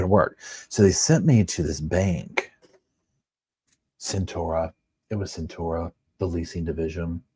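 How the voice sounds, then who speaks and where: A man's voice: low voice, darkish tone, husky, dry recording, clean studio sound. A man in his forties hosting a livestream from home, telling a casual, rambling story full of "like" and "you know.". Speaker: livestream host.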